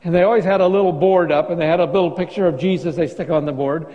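High-voiced pastor preaching in a reverberant church. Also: male voice, steady tone, fast talker, muffled recording. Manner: conversational, joking preaching with restarts. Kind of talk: sermon.

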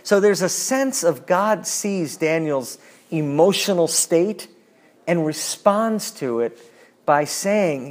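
A man teaches a Bible study class in a thoughtful, searching way. His voice sits a little higher than most men's. He pauses often to restart a thought. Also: expressive. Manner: thoughtful, reads scripture aloud, frequent restarts.

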